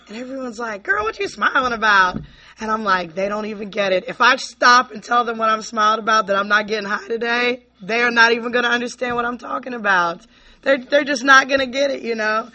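Woman, bright voice, candid, rambling, "you know, like", recovery share, sharp tone. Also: mid-range voice. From Virginia, USA. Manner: candid, rambling, full of "you know, like", laughing and near tears. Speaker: speaker at a recovery convention. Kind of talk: personal recovery share to an audience.

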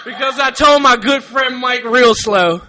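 Brief: middle-aged man, very high voice, profane meeting share that swings from loud to hushed. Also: measured pace, slight background noise. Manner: profane, swinging from shouting to quiet sincerity. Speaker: speaker sharing at a recovery meeting. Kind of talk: raw comedic testimony. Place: meeting room.

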